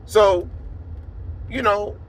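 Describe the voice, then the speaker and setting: A man's voice: high-pitched, steady tone, extremely slow. Man giving a casual spoken testimony. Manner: conversational, many fillers, swings from quiet to emphatic. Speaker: apostle sharing a personal testimony.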